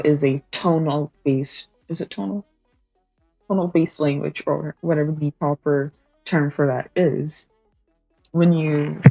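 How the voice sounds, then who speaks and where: A woman with a low, mellow voice teaches her stream chat in a loose, chatty way, full of fillers, laughs and the odd swear. Her speech is slow. The sound is dry and a bit dull, with faint music underneath. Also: no echo. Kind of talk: casual study-stream teaching.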